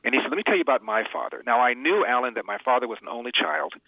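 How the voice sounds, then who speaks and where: A man's voice: mid-range voice, lively intonation, racing, no room sound. A man as an interview guest, telling a personal family story in an earnest, emphatic way. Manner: earnest, emphatic, repeats words when moved. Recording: tinny phone line.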